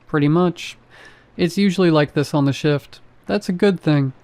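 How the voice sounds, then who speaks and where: A deadpan male security guard who sounds like nothing in the world matters to him, as a male narrator reads him. His voice is mellow and dark-toned, delivered in a flat monotone that stays almost bored. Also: on the high side, normal speed, dry recording, natural voice.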